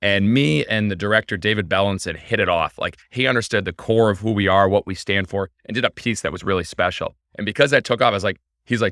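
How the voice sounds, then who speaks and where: A man being interviewed on a podcast, telling his story in an eager, energetic way. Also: lowish voice, quick pace, few pauses, no room sound, clean studio sound. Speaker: podcast guest, baseball team owner. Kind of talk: casual interview chat.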